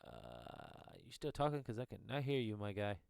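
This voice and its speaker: A man's voice: lowish voice, wildly swooping pitch, moderate pace, creaky, a little mellow, smooth, no room sound, studio quality. A man co-hosting a casual gaming chat who laughs often and swears freely. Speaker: co-host.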